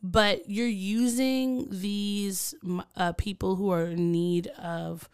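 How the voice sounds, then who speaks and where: A woman's voice: medium pitch, fairly even intonation, takes it slowly, a little mellow, clean tone, dry recording, clean studio sound. A woman co-hosting a casual podcast, chatting with many fillers and restarts. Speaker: podcast co-host. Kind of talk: casual conversation.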